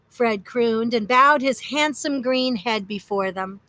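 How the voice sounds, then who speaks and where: A woman narrates a children's story in a lively, expressive way. Her voice is high and bright, recorded close and dry. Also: takes it slowly, no room sound.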